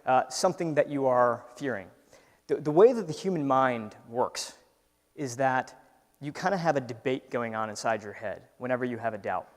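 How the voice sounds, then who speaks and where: A man gives a lively talk to an audience, acting out the doubting voice in his head as he goes. His voice sits at a middle pitch. The sound carries the long reverb of a large hall. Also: moderate pace. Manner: animated storyteller, acts out his inner voice, frequent "right?". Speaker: entrepreneur giving a talk. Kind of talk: conversational keynote talk.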